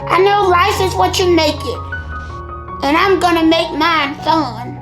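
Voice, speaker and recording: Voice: extremely high pitch, a little slow, over music, rough recording. A performer voicing a mischievous, food-stealing mermaid woman as the host of a comedic mukbang character skit, breaking into sing-song rhyming prayers. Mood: playful prayer.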